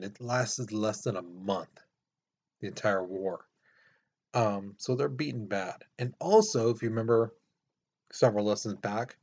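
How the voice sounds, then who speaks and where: A male history teacher talks students through a recorded lesson in a loose, chatty way, padding his sentences with fillers and dropping into quick mock voices for countries. His pitch sits in an everyday middle range. The recording sounds dull and lo-fi. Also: darkish tone. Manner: casual, conversational, many fillers like "you know".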